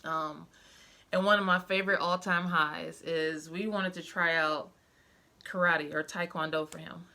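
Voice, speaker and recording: A young mother vlogs to the camera about her life, speaking heartfelt and emotional with lots of fillers. Her voice sits on the low side, pushed and bright, with a steady tone and a measured pace.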